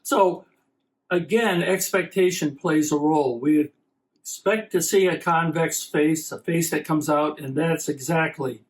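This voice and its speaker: A man calmly explaining the science behind optical illusions during a demonstration. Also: on the high side, a little slow, poor audio. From USA. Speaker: science presenter.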